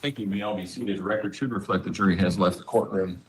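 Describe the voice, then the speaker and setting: A man presiding in court as judge, giving measured, directive instructions. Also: low-pitched, steady tone, slight background noise. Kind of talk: courtroom procedure.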